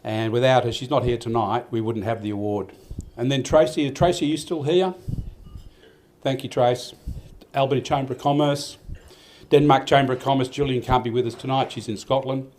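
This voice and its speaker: A man's voice: medium pitch, fairly even intonation, normal speed, a little mellow. Older man, Australian accent, live awards speech, rambling, heartfelt, faint background noise. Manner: rambling, heartfelt storytelling with many restarts. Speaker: event organiser giving a speech. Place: event hall.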